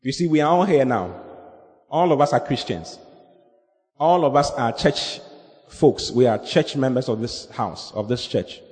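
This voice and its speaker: A man's voice: medium pitch, animated, unhurried, a little mellow. Man preaching with call-and-response. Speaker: pastor. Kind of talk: sermon. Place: church hall. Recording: long hall reverb with faint music.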